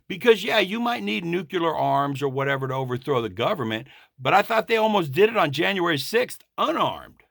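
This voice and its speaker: A man's voice: a little high, sing-song, a little fast, gravelly, fairly bright tone, no room sound, clean studio sound. A man vlogging a blunt, profane political rant straight to the camera.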